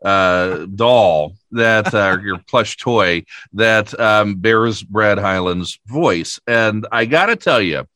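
A man's voice: on the low side, takes it slowly, hardly any pauses, pushed and bright, no echo, studio quality. A man hosting a casual interview, joking easily with his guest. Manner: joking, easygoing. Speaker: podcast host.

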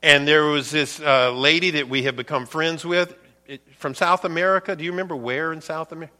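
A man preaching a sermon as pastor, earnest, rising for emphasis and dropping to quiet, low phrases. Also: fairly even intonation, fairly quick.

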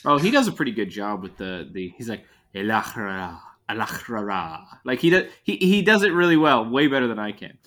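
A man co-hosting a podcast in casual chat, relaxed and a little hesitant. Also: mid-range voice, quick pace, hardly any pauses. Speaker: podcast co-host.

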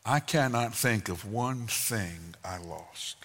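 Bright-voiced older male preacher. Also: fairly low pitch, slow, a little hiss or hum. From Southern United States. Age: 60s. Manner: folksy storytelling with sudden loud outbursts and soft asides. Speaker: pastor. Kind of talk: sermon. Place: church sanctuary. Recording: long hall reverb.

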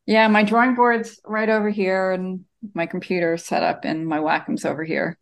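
A woman's voice: lowish voice, normal speed. A woman cartoonist, a guest in an interview, telling her story with lots of ums over a video call from her home studio. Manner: animated storyteller, many ums.

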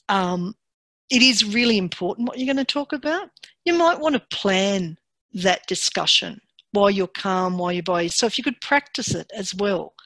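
A woman giving a workshop presentation in a calm, measured and encouraging way. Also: mid-range voice, no room sound.

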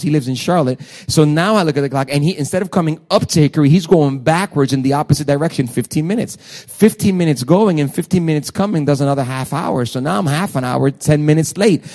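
A middle-aged man, a pastor, telling a personal story in a sermon, animated and swinging from hushed asides to near-shouting. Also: mid-range voice.

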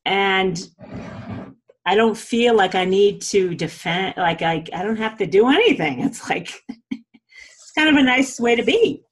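A woman with a husky, slightly breathy voice explains a self-help practice in a relaxed, conversational teaching style. She sprinkles in "like" and "okay?" as she goes, encouraging the listener and openly sharing her own pitfalls. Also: medium pitch, a little slow. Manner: chatty, frequent "like" and "okay?" check-ins; encouraging, candid about own struggles. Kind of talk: casual spoken teaching.

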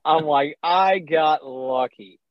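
A young man, a podcast guest, telling a hunting story in a casual, animated way, acting out his own reactions and chuckling often. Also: fairly high pitch, slow, a crowd in the background. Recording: slightly dull, dry sound.

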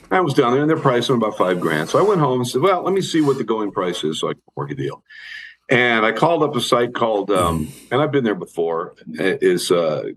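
A middle-aged or older man tells a rambling anecdote in a low voice, stopping often for fillers and restarts. A faint hiss sits under the recording. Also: fairly bright tone, rough recording. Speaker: guitarist guest. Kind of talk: casual anecdotal storytelling.

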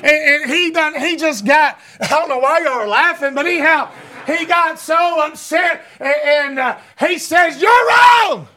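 A man preaching a fervent sermon, often shouting and stumbling over repeated words. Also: very high-pitched, unhurried, hardly any pauses.

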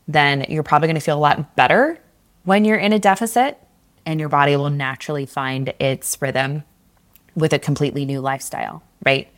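A woman with a notably low-pitched voice talks through her advice as a solo podcast host. Her delivery is candid and conversational, loose and unscripted, with the odd casual swear word thrown in. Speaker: podcast host, fitness coach.

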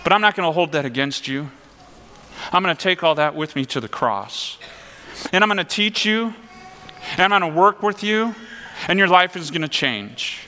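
A man preaching who voices Jesus speaking softly and tenderly to a frightened disciple. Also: high-pitched, lively intonation, moderate pace, long pauses, slight background noise. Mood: reassuring. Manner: soft, tender, consoling.

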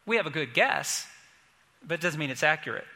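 Bright-voiced man preaching in a reverberant hall. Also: fairly high pitch, expressive, a little fast. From Indiana, USA. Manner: earnest, emphatic preaching with repeated phrases. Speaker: pastor. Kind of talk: sermon. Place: church sanctuary.

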